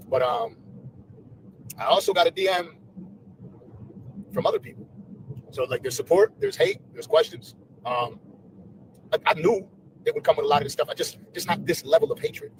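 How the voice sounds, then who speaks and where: A man talking defiantly about hateful messages, shifting between calm and sharp outbursts. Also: fairly high pitch. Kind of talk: casual talk to camera. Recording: noisy background on a clip.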